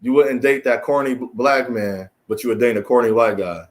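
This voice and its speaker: A man, delivering a preachy, emphatic solo monologue as a commentary host, often climbing high in exasperation and repeating phrases. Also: steady tone, fairly quick. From United States.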